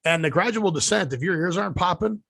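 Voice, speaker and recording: A man with a fairly high voice tells a long, meandering anecdote and stops often to restart his sentences. His speech carries the easy looseness of casual podcast chat, recorded close and dry with no room sound. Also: fast talker, gravelly, fairly bright tone, husky, no room sound. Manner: rambling storyteller, many fillers and restarts. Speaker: podcast co-host.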